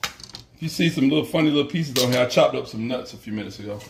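A man's voice: mid-range voice, quick pace, creaky, noisy background. A man with a Southern US accent hosting a live cooking show, chatting in a playful, folksy way. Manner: folksy, playful, drawling talk with y'all. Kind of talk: casual live cooking stream. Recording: echoey room, mic at a distance.

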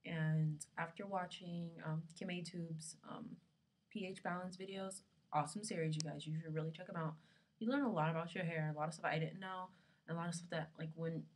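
A woman's voice: fairly low pitch, steady tone, a little fast. A young woman vlogging casually from her dorm room, rambling along with lots of fillers, her camera resting on her lap. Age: young adult.

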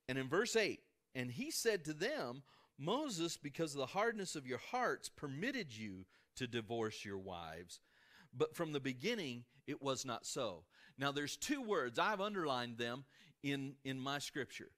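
A man with a Midwestern American accent, preaching a sermon to a congregation in a church, swinging between emphatic peaks and soft asides. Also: medium pitch, big pitch swings, measured pace. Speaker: pastor. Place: church sanctuary before a congregation.

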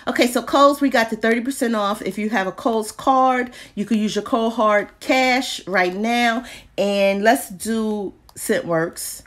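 A woman's voice: on the high side, a little slow. A woman vlogging a casual check-in on store deals, chatty and playful, talking to herself between laughs. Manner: playful, talks to herself, drops into whispers and laughs. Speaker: vlogger reviewing shopping deals.

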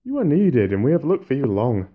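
A man voicing a grave, sure-footed soldier who speaks in an earnest, measured way. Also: mid-range voice, big pitch swings, mellow, husky, pitched above the performer's own voice.

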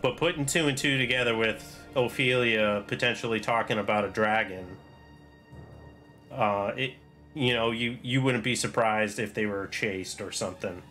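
A man running a tabletop game as dungeon master, describing scenes in a casual, halting way with fillers. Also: fairly low pitch, bright, forceful tone, soft background music.

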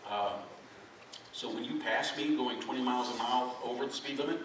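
In a church sanctuary with heavy echo, background noise, and a far-off mic, a middle-aged man delivers a folksy, conversational sermon, joking with the congregation and at his own expense. His mid-range voice is fairly quick, with fairly even intonation.

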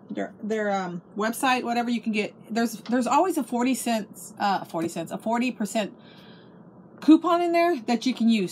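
Slight background noise accompanies a middle-aged woman with a fairly high voice as she gushes about a craft haul at home. It's a casual show-and-tell chat, and she keeps restarting her sentences.

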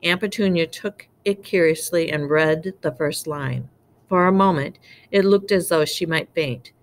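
A woman reading a novel aloud, low-pitched with a gravelly fry. Her delivery is plain and unpolished, and she trips over the odd word. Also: a little slow. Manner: unpolished, stumbling over words. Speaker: reader.

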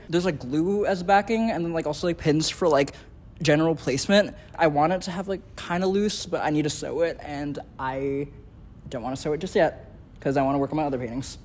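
A young man, an art student, talking casually in a studio, rambling with lots of "like" and dry teasing. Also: on the high side. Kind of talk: casual chat.

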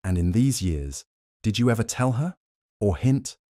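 A man reading an audiobook, voicing a detached government doctor who questions his captive in a measured, unhurried way. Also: lowish voice, lively intonation, dark tone, no echo, studio quality, pitched above the performer's own voice. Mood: probing.

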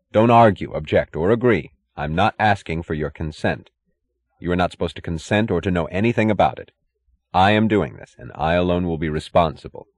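A stern, commanding male industrialist speaks in firm, clipped phrases, as an audiobook narrator puts him on. The voice sits very low and deep. He sounds resolute, a man who has made up his mind. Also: darkish tone. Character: stern determined male steel magnate, adult.

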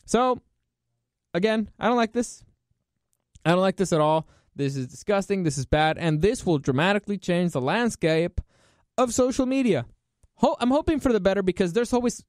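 A man's voice: high-pitched, big pitch swings, moderate pace, dry recording, studio quality. A man hosting his own show, giving opinionated solo commentary in an emphatic, profane rant. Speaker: podcast host.

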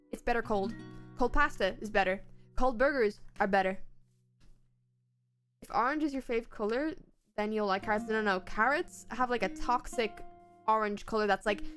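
Chatty Irish woman streamer, higher voice. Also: a bit bright. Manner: rambling, chatty, playful asides. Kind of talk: casual chat while gaming.

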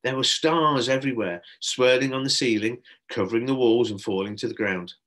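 A man, a primary school teacher, reading a children's book aloud with expressive narration. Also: mid-range voice, a little fast.

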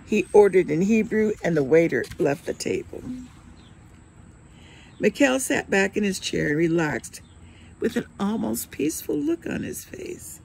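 Woman reader, novel narration, gravelly voice, steady pacing, faint background noise. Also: mid-range voice, moderate pace, rough recording. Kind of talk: novel read aloud.

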